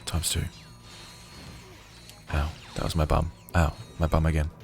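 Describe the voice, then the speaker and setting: A man with a croaky voice giving casual, chatty gameplay commentary on a livestream, with jokey asides to viewers. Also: rumbling low, completely flat delivery, unhurried. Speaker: game streamer. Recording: game music under voice. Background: game music.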